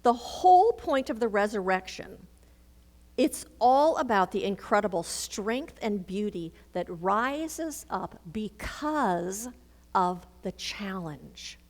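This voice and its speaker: A woman's voice: mid-range voice, slow pace. A woman minister giving a sermon, telling a personal story and acting out the dialogue in it. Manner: storytelling, animated, acts out dialogue. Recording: reverberant hall.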